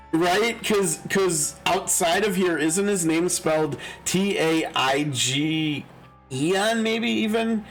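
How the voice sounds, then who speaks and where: A man's voice: fairly high pitch, a bit bright, low-quality recording. A man casually commenting during a live game stream, thinking aloud, often chuckling and restarting his sentences.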